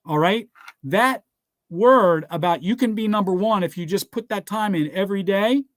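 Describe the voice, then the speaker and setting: High-voiced emphatic man preaching success. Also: normal speed, no room sound, clean studio sound. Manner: emphatic, tells listeners to write things down; repeats "guess what" and "all right". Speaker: motivational speaker. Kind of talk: motivational speech with scripture.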